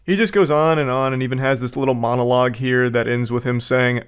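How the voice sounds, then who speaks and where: Man, streamer, sarcastic reaction commentary, mocking tone, mid pitch. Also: steady tone, brisk, smooth.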